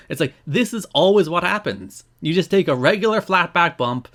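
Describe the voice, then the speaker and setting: A man's voice: fairly high pitch, expressive, fast, hardly any pauses, fairly bright tone. An Irish man co-hosting a podcast in casual chat, reading out news notes and adding dry asides. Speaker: podcast co-host.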